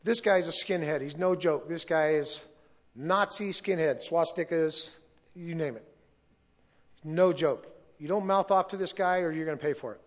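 A man's voice: fairly high pitch, moderate pace, dull audio. A pastor telling a story in a sermon, acting out the voices of the people he quotes. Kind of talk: testimony sermon.

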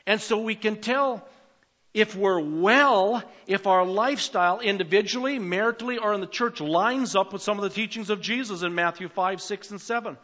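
Older preacher, high voice, lo-fi. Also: male voice, fairly quick, hardly any pauses. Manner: preacherly, rising to emphatic calls and dropping to quiet asides. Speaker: pastor. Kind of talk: sermon.

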